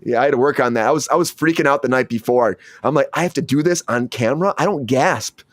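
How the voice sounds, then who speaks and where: This fast-talking male host, an actor, keeps the chat casual while animatedly acting out quotes from his stories, pushing his voice up high for them. The studio recording is clean and dry.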